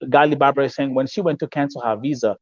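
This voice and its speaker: This live-stream talk show host is a Kenyan man with a Kenyan English accent and a fast, mid-range voice of fairly even intonation. He speaks emphatically, repeats himself, uses Swahili phrases, and reads out viewer comments. The recording is dry with the highs cut off.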